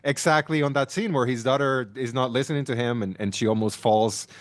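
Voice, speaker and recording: A man's voice: medium pitch, fairly quick, dry recording. Man ranting animatedly about a movie. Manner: animated ranting, frequent restarts. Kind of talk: casual film review chat.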